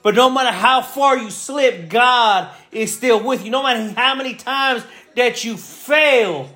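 A man's voice: very high-pitched, unhurried, sharp tone, soft background music. A man preaching a sermon with fervor, repeating phrases and building in intensity. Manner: fervent, repetitive, builds in intensity.

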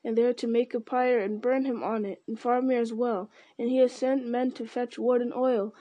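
Woman reader playing a scared young hobbit lad: high, breathless, pleading, dry close sound. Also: normal speed, mellow, no room sound, lo-fi sound, close to an everyday voice. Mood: frightened pleading. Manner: breathless, pleading, tumbling words. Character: frightened young male hobbit. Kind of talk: audiobook character voice.

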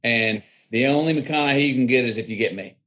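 A man's voice: medium pitch, fast talker, a bit bright. A man telling stories in an interview, reflective and drawling, acting out the people he quotes. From Texas. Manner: drawling, reflective storyteller who acts out quoted voices. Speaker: guest. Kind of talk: storytelling interview.

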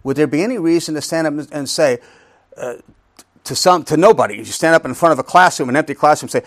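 A man's voice: fairly high pitch, expressive, fast talker, no room sound, clean studio sound. A middle-aged man teaching a Bible study, reading scripture aloud, then explaining it with rhetorical questions and frequent restarts.

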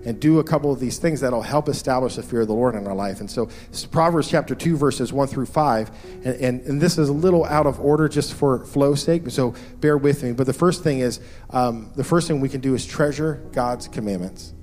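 A man's voice: mid-range voice, a little fast, darkish tone, soft background music. A man in his thirties preaching a sermon as pastor, earnest and repeating key phrases for emphasis.

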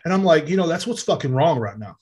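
A man's voice: a little high, big pitch swings, quick pace, a little mellow, husky. A man, hosting a podcast in a heated, profane solo rant. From Texas. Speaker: podcast host. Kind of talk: casual monologue.

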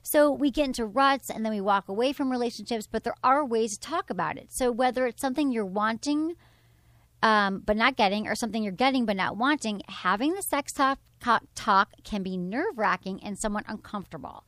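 A woman's voice: a little high, a little fast, no echo. A woman hosting a sex and dating advice talk show, speaking frankly and with animation. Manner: frank, animated, reads from her blog. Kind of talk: casual advice chat.

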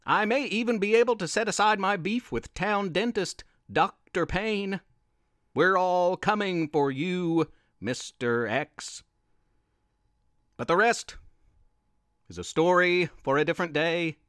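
A man narrating a children's story as the show's host, in an animated, expressive way. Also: high-pitched, slow, dry recording, studio quality. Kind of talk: scripted kids' story narration.

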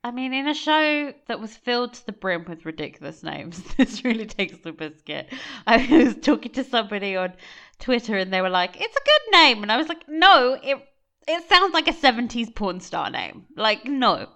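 A woman co-hosting a casual podcast chat, animated and exasperated, laughing often. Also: a little high, normal speed. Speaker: podcast co-host.

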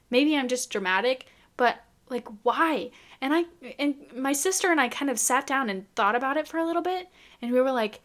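A young woman talks straight to her viewers in a loose, chatty vlog. Her voice sits a little higher than most, and she keeps firing off baffled rhetorical questions with a disbelieving edge. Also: animated, normal speed, a bit bright. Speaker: vlogger. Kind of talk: casual chat to camera.

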